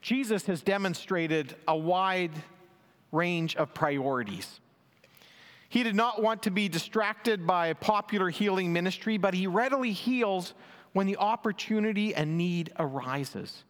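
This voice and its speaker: A man's voice: high-pitched, unhurried, fairly bright tone. A man preaching a sermon, reading and explaining scripture in an earnest, emphatic way, lifting his voice for quoted lines. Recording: long hall reverb.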